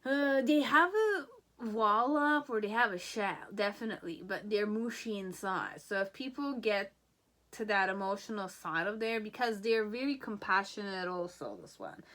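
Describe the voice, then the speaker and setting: A woman's voice: medium pitch, lively intonation, normal speed, a bit bright. A woman giving a casual tarot reading, chatty and rambling, often checking in with "okay?" and "you know". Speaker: tarot reader. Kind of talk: casual pick-a-card reading.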